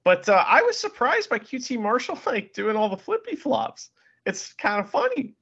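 A man's voice: very high-pitched, huge pitch swings, moderate pace, vocal fry, fairly bright tone, breathy edge, dull audio. A man co-hosting a podcast, chatting about wrestling and laughing often. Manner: laughs often, swears casually. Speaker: podcast co-host. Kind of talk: casual wrestling recap chat.

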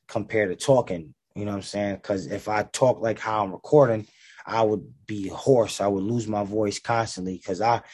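A man with a gravelly voice, a rapper talking in a casual interview, laid-back and full of slang and fillers. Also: lowish voice, a little mellow, no room sound.

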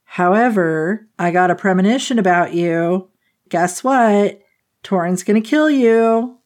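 Woman doing a mean gleeful fae girl, blunt and mocking, kinda quick. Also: mid-range voice, darkish tone, lightly acted. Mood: gleefully spiteful. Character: spiteful blunt young female fae rival.

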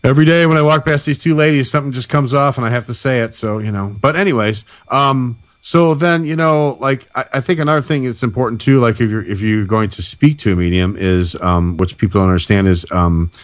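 A man's voice: medium pitch, fairly quick, hardly any pauses, no echo. A man chatting casually about paranormal experiences and telling anecdotes, acting out the people he quotes. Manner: storytelling, animated quoting of others. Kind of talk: casual chat.

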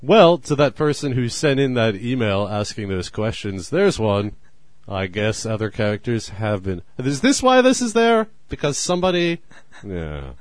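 A man's voice: medium pitch, very animated, moderate pace, hardly any pauses, no room sound. A man hosting a casual podcast, teasing his co-host in a dry way and laughing often.

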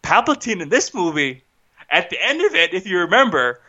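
Fuming man ranting about a film, bright tone. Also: high-pitched, sing-song, fairly quick, dull audio. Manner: agitated, restarts, rhetorical "right?". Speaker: podcast co-host. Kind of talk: casual film rant.

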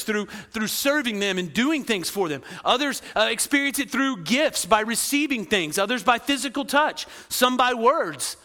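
Man preaching sermon, high bright voice, long reverb of church hall. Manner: animated, acts out quoted voices, asks the crowd "right?". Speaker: pastor.

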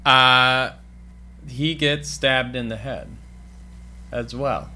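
Casting note: unhurried man with a bright, forceful voice, dry jokes and swearing while recapping a movie. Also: medium pitch, steady tone. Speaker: podcast co-host. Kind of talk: casual movie recap chat.

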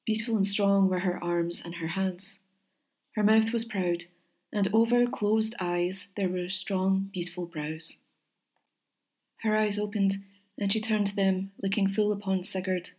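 Woman reading a storybook tale. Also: medium pitch. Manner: measured, gentle reading with expressive pauses. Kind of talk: storybook narration.

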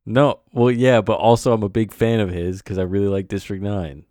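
A man's voice: lowish voice, little pitch movement, brisk, mellow, dry recording. A man co-hosting a podcast, adding film facts and dry jokes in casual chat. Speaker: podcast co-host.

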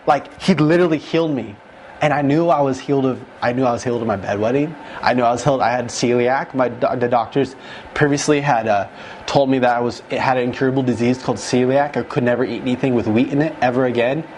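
A man giving an emotional testimony as a guest, retelling it with excited, animated emphasis that jumps up at key moments. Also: medium pitch, fast, slight background noise.

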